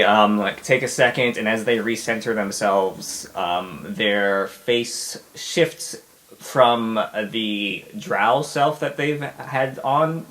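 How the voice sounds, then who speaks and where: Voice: mid-range voice, a bit bright. Casual tabletop player describing a character. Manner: casual, chatty, uses many fillers. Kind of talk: tabletop role-play.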